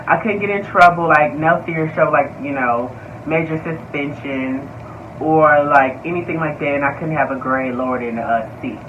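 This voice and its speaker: A young man telling a story to viewers in a casual vlog, animated, slangy and profane, calling his audience y'all. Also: a little high, normal speed, far from the mic, narrow, tinny audio, slight background noise. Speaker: vlogger.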